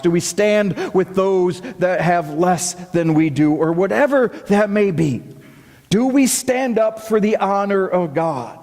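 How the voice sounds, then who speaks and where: A man delivers a sermon from the pulpit, lively and dramatic as he acts out the doubts and replies of the people he quotes. His voice sits high for a man. The sound carries a long reverb, as in a church hall. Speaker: pastor.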